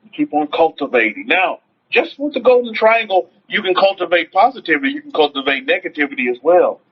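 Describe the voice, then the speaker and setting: A man's voice: on the high side, very animated, a little fast, slightly rough. A man, a rabbi, giving an informal online teaching to his followers. He talks in a preachy way, repeats his phrases, asks rhetorical questions and reads out viewer comments. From United States. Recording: dull lo-fi stream audio.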